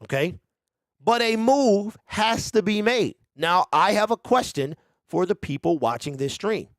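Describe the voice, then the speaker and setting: A man's voice: high voice, measured pace, no echo, clean studio sound. A man from Detroit hosting a casual sports fan livestream, hyping up his viewers and checking in with them often. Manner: animated, hypes up viewers, keeps checking in with "okay?". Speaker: sports show host.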